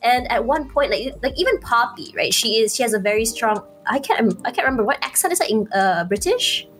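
Woman caster from malaysia, sounds pretty american, high voice, lots of "like" and "you know", faint music behind. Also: expressive, brisk, a bit bright. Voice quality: naturally high-pitched voice. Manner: chatty, many "you know" and "like" fillers. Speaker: guest esports shoutcaster. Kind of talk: casual podcast chat, giving advice.

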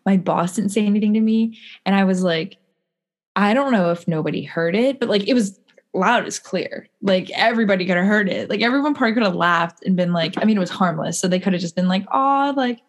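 A woman with a mid-pitched, ordinary voice chats on a podcast. She rambles casually, stopping and restarting her sentences as she goes. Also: fast. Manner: rambling, full of fillers and restarts. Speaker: podcast co-host. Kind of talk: casual chat.

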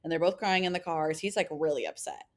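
A young woman in her twenties recaps a show for her co-host with a slightly low voice. She talks loosely and acts out quotes, filling her sentences with little verbal fillers. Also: fast. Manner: animated retelling, acts out quotes, many "like" fillers. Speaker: podcast co-host. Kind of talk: casual chat recapping a reality show.

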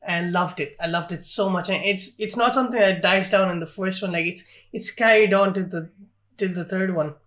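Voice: mid-range voice, fairly quick, fairly bright tone. Hesitant chatty podcast co-host. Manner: hesitant, lots of likes and ums. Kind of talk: casual film chat.

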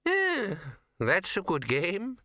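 A man reading an audiobook, voicing a very old, dozy male wizard in a high, quavery voice. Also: huge pitch swings, slow, pushed and bright, no room sound, studio quality, full character voice. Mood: bewildered.

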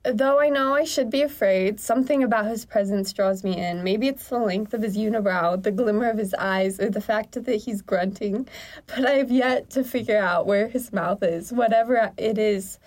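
A woman's voice: medium pitch, normal speed, a little mellow. A woman co-hosting a comedy podcast, reading a silly romance story aloud in a melodramatic, hammy way and breaking into laughter. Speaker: podcast co-host.

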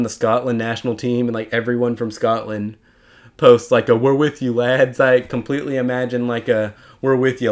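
A young man hosting a casual solo podcast, rambling and chatty with self-mocking asides. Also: mid-range voice. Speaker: podcast host.

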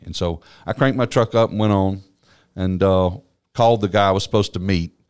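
A man with a very low voice tells his personal testimony in an interview. His storytelling is earnest and reflective. He speaks as someone who serves on a church staff. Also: brisk, a little mellow, clean tone. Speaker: church business administrator.

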